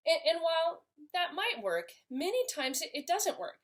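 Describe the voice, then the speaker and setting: A woman's voice: extremely high pitch, sing-song, normal speed. A woman giving an earnest, explanatory talk to camera as a parenting educator, sometimes restarting a phrase.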